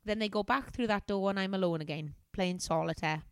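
A woman voicing a lonely young office temp in a comic reading of a novel, with a soft, plaintive delivery. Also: medium pitch, brisk, clear, resonant tone, dry recording, natural voice. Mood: wistful. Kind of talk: comedic reading aloud of a novel.

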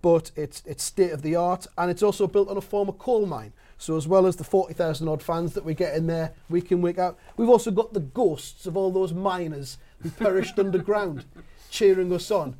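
High-voiced deadpan man. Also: normal speed. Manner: deadpan storytelling. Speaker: broadcaster panellist. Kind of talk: comic pitch on a panel show.

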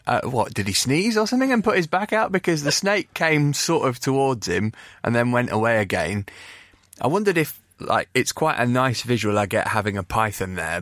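A man hosting a wrestling podcast, playful and lively, switching between casual chat and reading an ad. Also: mid-range voice, no echo, clean studio sound. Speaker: podcast host.

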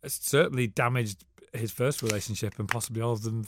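A tired man, co-hosting a podcast in casual banter, quick with dry jokes and chuckles. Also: mid-range voice, noisy background. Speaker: podcast co-host, journalist.

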